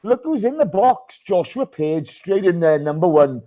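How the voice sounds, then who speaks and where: A man's voice: high voice, big pitch swings, moderate pace, highs cut off. A man hosting a casual live podcast, chatting and greeting listeners by name. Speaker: podcast host.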